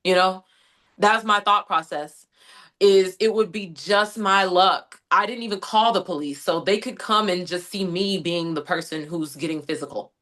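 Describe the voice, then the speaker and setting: A young adult woman from the United States, an interview guest who tells her story in an animated way and keeps quoting her own thoughts. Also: on the low side, normal speed. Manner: animated storytelling, frequent "like" and quoted inner thoughts. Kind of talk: conversational interview recounting an incident.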